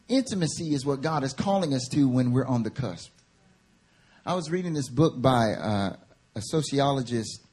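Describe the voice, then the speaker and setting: A man preaching a sermon at a prayer meeting, moving from quiet teaching to fervent, rising appeals. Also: medium pitch, breathy edge.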